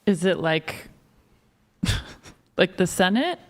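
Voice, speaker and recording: A woman's voice: fairly low pitch, sing-song, drawn-out words. A woman guest on a talk show, answering quiz questions in a hesitant, unsure way. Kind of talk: casual chat.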